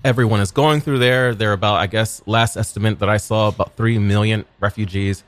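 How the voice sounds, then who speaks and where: Low-voiced man moderating a casual chat. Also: fairly even intonation, a little fast. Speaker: guest moderator.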